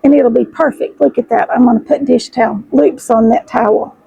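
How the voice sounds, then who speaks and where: A middle-aged woman, chatting excitedly to her viewers as she unboxes fabric, her voice hoarse and froggy. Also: on the high side, a little fast, no room sound, dull audio. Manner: chatty, gushing, addresses viewers as y'all. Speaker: sewing vlogger host. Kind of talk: casual chat while unboxing fabric.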